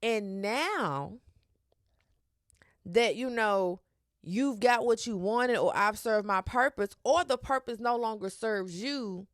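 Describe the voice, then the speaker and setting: A woman hosting her own podcast, talking in a sassy, animated way with slang and cursing. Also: mid-range voice, no echo, studio quality. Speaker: podcast host. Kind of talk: casual solo podcast talk.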